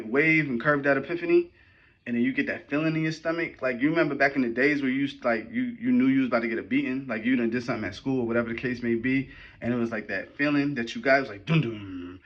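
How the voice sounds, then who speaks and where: Animated, slangy man telling a story. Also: mid-range voice, muffled recording. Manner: animated, slangy, rambling with frequent "right?" and "you know what I'm saying". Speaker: podcast host. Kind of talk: casual storytelling talk.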